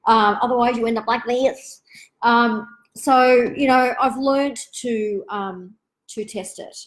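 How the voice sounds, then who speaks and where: A woman, hosting a live online Q&A for parents in a gentle, reflective, chatty way with many asides. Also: on the high side, fairly even intonation, slow pace, rough recording.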